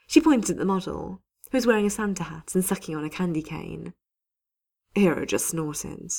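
A woman's voice: on the low side, expressive, normal speed, creaky. A woman reading a lighthearted office story aloud, voicing each character herself. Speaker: story reader. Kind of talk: reading fan fiction aloud.

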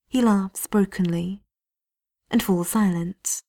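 Slow, gravelly woman reading a story. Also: lowish voice, darkish tone. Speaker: narrator. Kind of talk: storytelling read aloud.

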